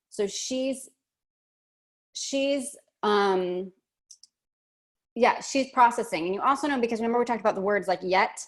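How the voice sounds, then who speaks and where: A woman's voice: on the high side, a little slow, long pauses. Woman, teacher, online workshop, chatty, fillers and restarts, video call mic.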